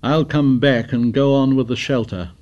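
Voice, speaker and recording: A man voicing an earnest, fretful boy leader in a storybook reading, slightly lower and quieter than his narration. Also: steady tone, moderate pace, highs cut off, lightly acted. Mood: troubled.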